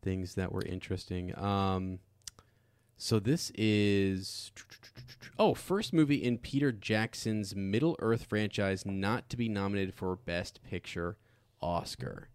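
A man with a low voice co-hosts a casual podcast, chatting about a film. He rambles, restarts and breaks up his sentences. The recording is dry and close. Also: measured pace, clear, resonant tone, dry recording. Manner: rambling, full of fillers and restarts. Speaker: podcast co-host.

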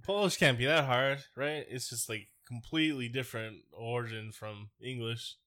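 A man's voice: medium pitch, moderate pace, sharp tone. A man co-hosting a podcast in casual chat, crude and rambling, joking as he goes. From United States. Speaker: podcast co-host.

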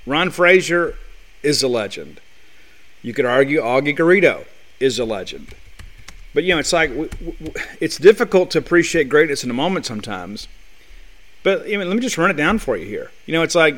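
A man's voice: on the high side, a bit bright. A man hosting a sports talk show, delivering a blunt, fired-up monologue full of rhetorical questions.

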